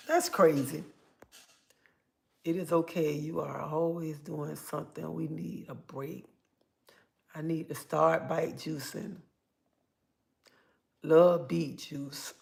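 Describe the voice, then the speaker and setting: An older woman hosting a casual livestream, reading viewer comments aloud and telling stories in a chatty, animated way. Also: low-pitched, gravelly. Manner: chatty, animated storytelling with bursts of excitement. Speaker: livestream host.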